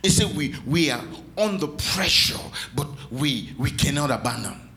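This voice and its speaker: A man's voice: mid-range voice, moderate pace, vocal fry, bright, forceful tone. A man preaching a sermon in a church, calling out to the congregation and teasing them with playful asides. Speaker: pastor.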